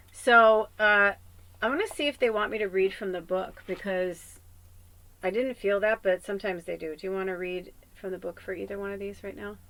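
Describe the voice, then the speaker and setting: A woman's voice: mid-range voice, fairly bright tone, poor audio. A young adult woman giving a channeled tarot reading, talking in an earnest, emotional, rambling way with many fillers. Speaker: psychic tarot reader.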